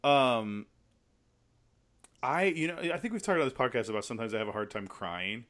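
A man co-hosting a podcast tells stories in a casual, rambling, animated way with plenty of fillers. His voice is mid-range and his speed is normal.

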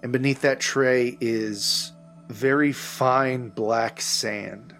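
Male game master narrating a tabletop game at a slow pace, faint music behind. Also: medium pitch, steady tone, a bit bright. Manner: unhurried, loose, with fillers and self-corrections.

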